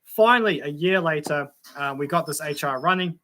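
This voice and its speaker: Australian man, livestream host, casual rambling chat, bright voice. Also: on the high side, normal speed. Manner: laid-back, reads chat comments aloud and rambles into stories.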